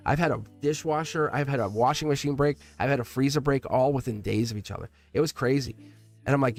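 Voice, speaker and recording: A middle-aged man hosting a live tarot reading stream, talking warmly and at length to his viewers, rambling with frequent restarts and laughs. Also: mid-range voice, fast. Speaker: live tarot reader and channel host.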